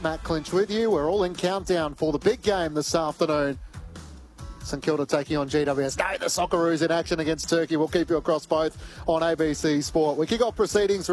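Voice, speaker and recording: An Australian man hosts a sports radio show with brisk, upbeat presenter delivery. His voice sits a little high for a man. A faint music bed runs quietly underneath. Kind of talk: radio hosting.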